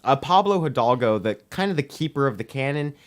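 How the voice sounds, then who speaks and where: A man's voice: mid-range voice, expressive, a little fast. Teen guy rambling through a story. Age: teens. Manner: rambling, heavy use of "we're like" and "um". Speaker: podcast guest. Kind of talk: casual anecdote telling.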